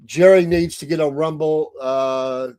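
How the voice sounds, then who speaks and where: A man's voice: on the high side, fairly even intonation, measured pace, darkish tone, smooth, no echo, clean studio sound. A Southern American man hosting a morning livestream show, chatty and folksy, laughing often. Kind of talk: casual livestream chat. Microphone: streaming mic.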